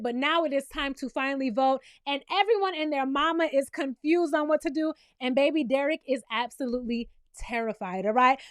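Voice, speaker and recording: Brief: high-pitched woman, sassy TV recap host, exclamatory, dry close recording. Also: no echo. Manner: sassy and exclamatory, calls people child and baby. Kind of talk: casual TV recap vlog.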